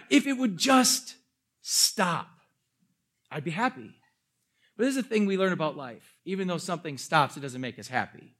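Animated high-voiced male preacher. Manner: animated, self-mocking storytelling with jokes. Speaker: pastor. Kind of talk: sermon.

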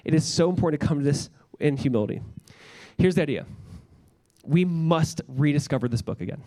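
Man, young adult pastor, earnest casual sermon, slightly high voice, in a church. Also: expressive, fairly quick, mellow. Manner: earnest, conversational, repeats words and restarts.

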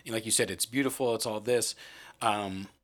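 A man co-hosting a casual movie podcast, talking animatedly with lots of fillers and acted-out quotes. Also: moderate pace. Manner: animated, many "like" fillers, acts out quotes in jumps of pitch. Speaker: podcast co-host.

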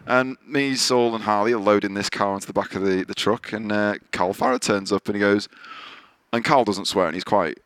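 A man with a fairly low voice hosts a podcast in casual conversation. He swears freely and slips into other people's voices when he quotes them. His mic sounds close and dry, with little room around it. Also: steady tone, brisk, fairly bright tone, clean tone, dry recording. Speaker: podcast host. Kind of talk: casual storytelling chat. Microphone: podcast microphone.

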